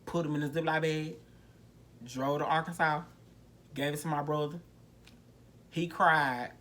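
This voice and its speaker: Bright-voiced woman telling her story frankly. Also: deep voice, fairly even intonation, measured pace. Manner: rambling, frank, many restarts. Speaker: podcast host. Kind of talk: candid personal recovery story. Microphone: no podcast mic.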